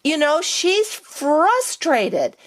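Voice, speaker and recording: A middle-aged woman telling a personal story in a casual vlog, animated as she acts out the exchanges she is describing. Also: sits high, drawn-out words. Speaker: vlogger.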